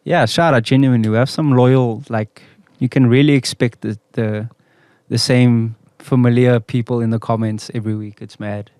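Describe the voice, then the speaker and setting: A South African man co-hosts a casual podcast chat on a studio mic, telling stories, laughing often and saying "bro" a lot. His mid-range voice is steady, smooth and a little mellow at normal speed, with studio-quality sound and no echo.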